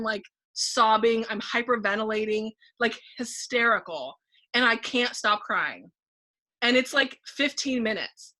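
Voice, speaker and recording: A woman guest in a casual podcast conversation, telling a personal story in an animated way and acting out her own thoughts aloud, with frequent "like". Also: fairly high pitch, normal speed. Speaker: podcast guest, painting facilitator.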